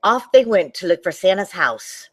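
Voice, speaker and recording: A woman librarian reading a picture book aloud to children, animated and talking to them directly. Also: on the low side, normal speed, a little hiss or hum. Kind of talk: children's storytime read-aloud.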